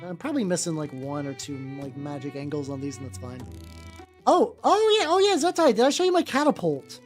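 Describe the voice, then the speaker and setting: A man with a high-pitched voice chatting casually with viewers as he paints miniatures. He rambles, with plenty of fillers, restarts and casual swearing. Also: very animated, a little fast. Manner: chats with viewers while working. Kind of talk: casual livestream chat while painting. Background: faint background music.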